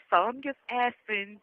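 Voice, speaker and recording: A woman's voice: fairly high pitch, slow pace, no room sound. Emotional woman rallying her sisters, lo-fi. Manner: impassioned, rallying, repetitive calls. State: emotional, near tears. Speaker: survivor giving a testimonial. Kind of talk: emotional spoken message. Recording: dull lo-fi recording.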